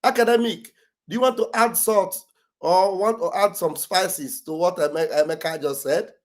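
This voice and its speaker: A man's voice: high-pitched, moderate pace. A man hosting a political discussion, scolding a critic and then asking a guest to respond. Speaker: host.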